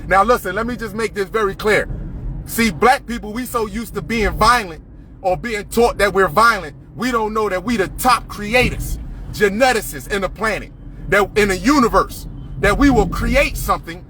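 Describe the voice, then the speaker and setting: A man's voice: sits high, normal speed, sharp tone, a little hiss or hum. A man ranting to camera, profane and confrontational, repeating himself.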